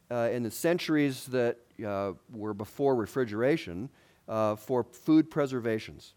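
A male preacher talks through his sermon in a relaxed, conversational way. He often asks the congregation questions and adds light humor. His voice sits at an ordinary middle pitch.

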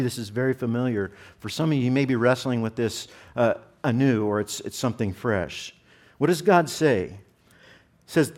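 A middle-aged man preaching a sermon, earnest, often restarting and repeating words as he explains. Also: mid-range voice. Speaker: pastor.

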